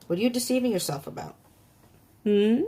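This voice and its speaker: A woman's voice: fairly high pitch, lively intonation, fairly quick, dark tone, a little hiss or hum. A woman giving a casual tarot reading for her viewers, rambling and emotional, often talking to herself as she turns over cards. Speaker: tarot reader.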